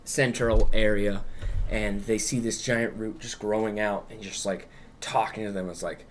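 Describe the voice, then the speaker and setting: A man's voice: lowish voice, fairly even intonation, moderate pace, slight background noise. A man co-hosting a podcast, loosely retelling a story in casual chat, swearing freely and acting out quotes. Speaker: podcast co-host.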